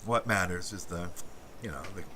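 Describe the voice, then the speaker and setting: A man hosts a casual livestream, reading and answering chat messages aloud. His voice is bright and forceful, and his speech wanders with many halting restarts. There is a faint hiss of noise behind him. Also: sits low. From Canada.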